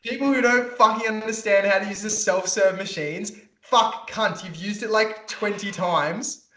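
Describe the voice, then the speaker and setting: A man's voice: high-pitched, moderate pace, sharp tone, echoey room. A young man, co-hosting a casual podcast and ranting, swearing freely. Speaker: podcast co-host. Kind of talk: casual chat.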